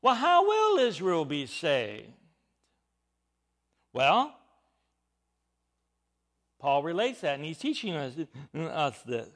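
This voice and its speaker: Slow, animated man preaching a sermon. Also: a little high. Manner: emphatic, rising and falling with stress on key words. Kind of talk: Bible teaching sermon.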